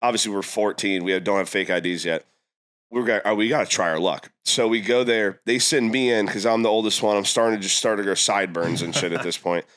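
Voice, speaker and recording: A young man from Florida telling a long, animated story on a podcast, jumping his voice up high when quoting people. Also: fast talker. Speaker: podcast guest. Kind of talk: casual storytelling.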